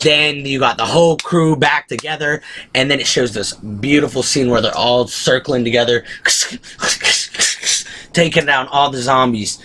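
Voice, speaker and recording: Male vlogger, casual reviewer, rambling and excitable, average pitch. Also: a little hiss or hum. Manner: excitable, rambling retelling of scenes. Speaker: show reviewer.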